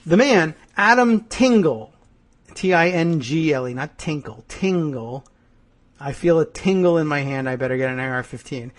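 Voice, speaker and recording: A male talk show host, his voice pitched a little higher than most men's, rambles through a news story with dry sarcasm. He keeps riffing and joking, and often slips into mock voices. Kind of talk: comedic news commentary.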